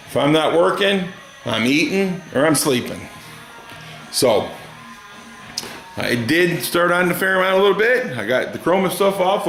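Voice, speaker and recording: A man's voice: on the high side, vocal fry, a bit bright, reverberant. A middle-aged man chatting casually and rambling through a story in his home garage, folksy and drawling. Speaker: garage hobbyist vlogger. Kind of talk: casual workshop chat.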